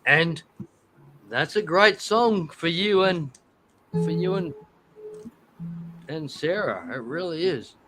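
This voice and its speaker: A man's voice: on the high side, lively intonation, takes it slowly, long pauses. A laid-back man hosting a casual music session, chatting and heaping enthusiastic praise on a friend. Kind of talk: casual chat.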